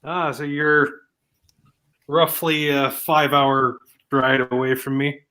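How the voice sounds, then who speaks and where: A man from Canada calling in to a livestream chat, easygoing and quick to laugh. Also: medium pitch, little pitch movement, poor audio. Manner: easygoing, soft-spoken, laughs often. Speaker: viewer calling in. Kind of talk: casual chat.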